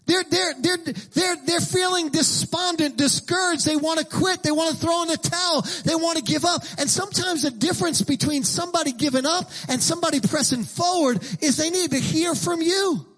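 A middle-aged man preaching a sermon as pastor, emphatic and repetitive, rising into shouted lines. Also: very high-pitched, moderate pace, few pauses.

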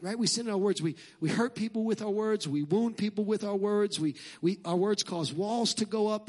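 A middle-aged man preaching a sermon as pastor, animated and joking, shouting at times. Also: high-pitched.

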